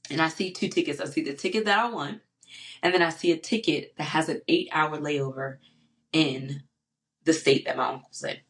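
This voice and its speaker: A woman hosting her own faith podcast, telling a personal story in a casual, animated way with many fillers, acting out her own past words. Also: deep voice. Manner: frequent fillers and repetition. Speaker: podcast host.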